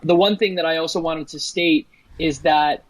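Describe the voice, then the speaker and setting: A man's voice: on the high side, fairly even intonation, normal speed, no echo, rough recording. A man co-hosting a podcast, talking casually and leaning on "like" and "you know.". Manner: chatty, leans on "like" and "you know". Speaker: podcast co-host. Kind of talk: casual chat about a video game.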